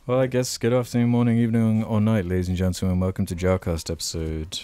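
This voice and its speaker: A man's voice: on the low side, little pitch movement, fast, warm tone, smooth, no room sound. A man hosting a casual podcast, chatting and joking with his friends in a laid-back way. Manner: laid-back, jokey banter. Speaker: podcast host. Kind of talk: casual chat among friends.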